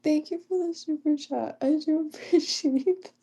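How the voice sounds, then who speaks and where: A young woman livestreaming in a casual chat, reading comments aloud, often giggling and keeping her voice hushed. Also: sits high, moderate pace.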